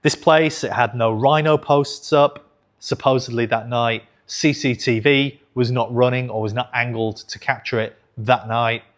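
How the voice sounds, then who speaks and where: A man's voice: medium pitch, fairly even intonation, a little slow, fairly bright tone. A man in his thirties telling a personal story to camera in a frank, conversational way, swearing casually and correcting himself as he goes. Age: 30s. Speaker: investing channel host.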